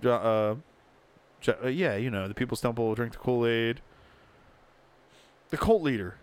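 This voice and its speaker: A man's voice: mid-range voice, moderate pace, clear, resonant tone. A man co-hosting a podcast, rambling and swearing casually, often laughing mid-sentence. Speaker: podcast co-host. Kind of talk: casual chat.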